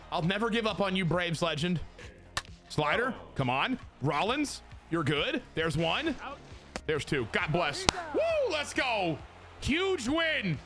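A man giving casual, excitable commentary over his own video game match, swearing and trash-talking the opponent as he plays. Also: sits high. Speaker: gaming channel host.

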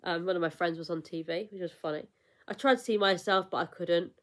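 A woman's voice: lowish voice, steady tone, a little fast. A young woman vlogger in casual chat, rambling and emotional, with lots of fillers and restarts.

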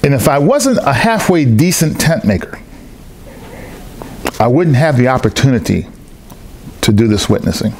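A man's voice: mid-range voice, moderate pace, long pauses, a little hiss or hum. A man preaching a sermon in a church hall, telling personal stories and acting out the voices of the people in them. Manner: animated storytelling, acts out other people's lines.

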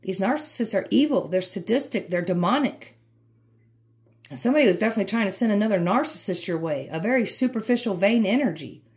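A woman's voice: mid-range voice, animated, quick pace, a little mellow. A woman giving an emphatic, repetitive, fired-up tarot reading. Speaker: tarot reader.

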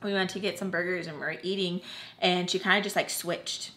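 A woman's voice: on the low side, fairly even intonation, fairly quick, pushed and bright. Young adult woman, vlogger; casual storytime delivery, rambling and emphatic, heavy "like" filler. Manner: rambling, fills with "like" constantly; candid, emphatic, cuts off swears. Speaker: YouTube storyteller.

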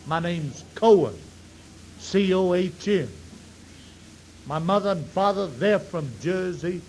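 Man doing a dry deadpan rabbi. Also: high voice, takes it slowly, a little hiss or hum, low-quality recording.

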